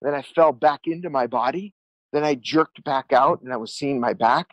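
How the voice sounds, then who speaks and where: A man's voice: mid-range voice, normal speed, no room sound, dull audio. A man telling his life story as a podcast guest, earnest and rambling, repeating words and acting out what people said. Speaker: guest musician. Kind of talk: candid storytelling interview.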